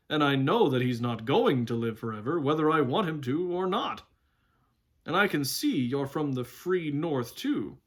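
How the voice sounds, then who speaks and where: A man's voice: on the high side, fairly bright tone. A man doing a proud talking war horse. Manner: lofty, brisk, scornful of humans. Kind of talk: storybook read-aloud.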